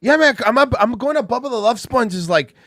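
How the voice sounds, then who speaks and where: A man putting on a loud, manic, pushy voice as a hyped-up male friend inviting him to a party. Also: extremely high pitch, lively intonation, brisk, no echo, studio quality, pitched above the performer's own voice.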